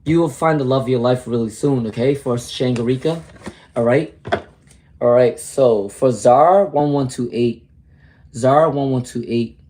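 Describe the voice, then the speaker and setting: A man's voice: medium pitch, measured pace, warm tone, slight background noise. A man with a New York accent giving an upbeat, encouraging live tarot reading and answering viewers' questions. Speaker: tarot reader.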